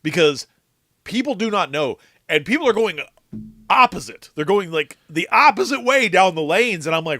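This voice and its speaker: A man's voice: high-pitched, sing-song, normal speed, sharp tone, no echo, studio quality. Ranting, profane male podcast co-host. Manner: ranting, profane, exaggerates for laughs. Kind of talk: casual chat.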